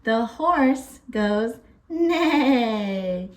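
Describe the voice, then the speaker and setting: A woman's voice: fairly high pitch, expressive, very slow, darkish tone. A woman hosting a toddler lesson, speaking in a sing-song way and imitating farm animal noises. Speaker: children's teacher.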